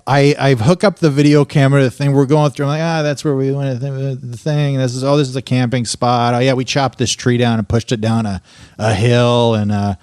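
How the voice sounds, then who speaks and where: A young man on a podcast telling a story in casual chat, acting out quotes in a raised, animated voice. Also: medium pitch, a little fast, clear, resonant tone, no room sound, clean studio sound. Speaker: podcast co-host.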